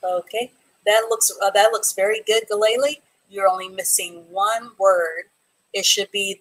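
A woman teaching a live online reading class, reading students' sentences from the chat and praising them slowly and clearly. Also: mid-range voice, steady tone, fairly bright tone, poor audio. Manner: encouraging, slow and clear, praising students by name.

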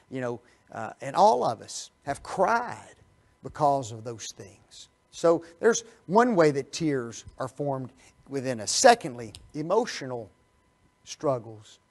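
A man preaching a Bible study sermon, firing rhetorical questions at his listeners and swinging from quiet asides to loud, emphatic bursts. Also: mid-range voice. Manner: animated, rhetorical questions to the audience.

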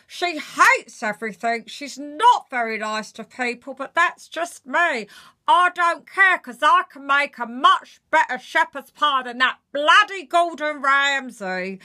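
A woman doing a shrill, grumpy older woman. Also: lively intonation, unhurried, exaggerated voice. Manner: high, loud, moaning and scornful. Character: grumpy miserable older woman with big teeth.

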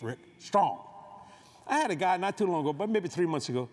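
A man's voice: high voice, lively intonation, fairly quick, darkish tone. A man preaching a humorous, folksy sermon as guest preacher at a convention, on a stage microphone. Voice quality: folksy, joking, storytelling delivery. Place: large convention hall stage.

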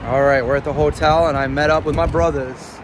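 A man vlogging casually on the go, excitedly pointing things out to his camera as he moves through a city. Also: fairly high pitch, fairly quick, crowd noise. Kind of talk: casual travel vlog narration. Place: out and about in a city, hotel, garage, arena. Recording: noisy on-the-go camera audio.

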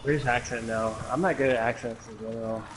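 A man playing a co-op game as a guest, animated and giggly with quick reactions. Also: medium pitch, background noise. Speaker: guest co-op player. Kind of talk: casual co-op gameplay chat.

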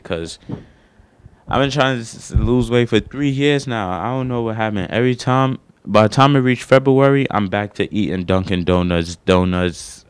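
A man's voice: on the low side, a little hiss or hum. A young man doing his first stand-up set on a small studio stage, rambling and slangy, poking fun at himself. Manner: slangy, rambling, self-deprecating. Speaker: stand-up comedian.

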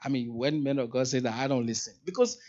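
Male church elder, sermon, lively and emphatic, acts out quotes, lo-fi sound. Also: mid-range voice, quick pace. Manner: lively preaching, rising to emphatic peaks, acts out quoted dialogue. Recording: dull, lo-fi sound.

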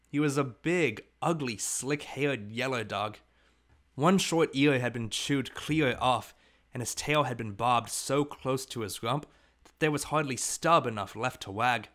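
A man reads a novel aloud as audiobook narration. His voice sits at an ordinary middle pitch, steady and measured. He tells the story plainly. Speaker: audiobook reader.

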